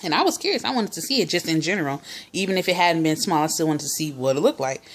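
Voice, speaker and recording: A woman's voice: low-pitched, lively intonation, fast. A young woman vlogger casually telling a personal story, chatty, full of fillers and quoted dialogue.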